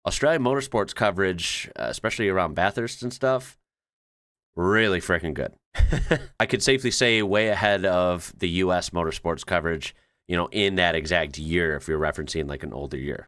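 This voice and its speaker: A man's voice: low voice, moderate pace, fairly bright tone, no echo. An American man hosting his channel, chatting casually as he reacts to things he reads, rambling and often correcting himself. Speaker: channel host.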